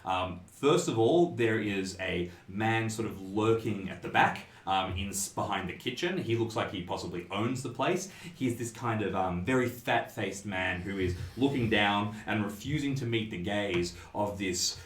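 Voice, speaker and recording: A man narrating a tabletop horror game as game master, relaxed and descriptive, with frequent fillers. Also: fairly low pitch, normal speed, few pauses. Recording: roomy echo.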